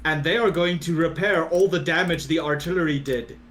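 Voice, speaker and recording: A man co-hosting a gaming podcast, chatting casually, excitable and profane, breaking into bursts of disbelief. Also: on the high side, brisk. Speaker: podcast co-host.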